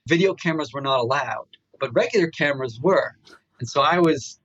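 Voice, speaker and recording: Man, podcast guest, lively storyteller, keeps saying "right?", dry close sound. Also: medium pitch, fairly quick, breathy edge, dry recording, dull audio. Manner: animated, tags asides with "right?". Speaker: meditation researcher guest.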